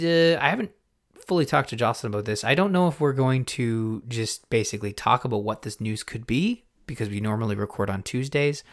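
A man hosting a gaming podcast in a casual, rambling way, often stopping himself mid-thought and getting excited. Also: on the low side. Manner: rambling, self-interrupting, excitable. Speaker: podcast host. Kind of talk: casual chat.

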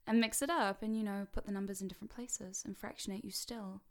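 A woman leading a playful hypnosis induction, teasing and mischievous, sliding between a soft whisper and a brighter speaking voice. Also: medium pitch, fairly even intonation, fairly quick.

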